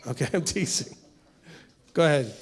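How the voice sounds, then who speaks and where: A man's voice: fairly high pitch, lively intonation, normal speed. A rabbi leading a conversational Bible teaching session with a group, asking rhetorical questions and teasing his listeners. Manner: talks straight to the room, rhetorical questions, teasing asides.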